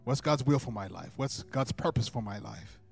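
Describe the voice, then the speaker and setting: A man preaching a sermon, emphatic, swinging from soft asides to loud, drawn-out proclamations. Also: medium pitch, lively intonation, vocal fry, husky. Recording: long hall reverb with faint music.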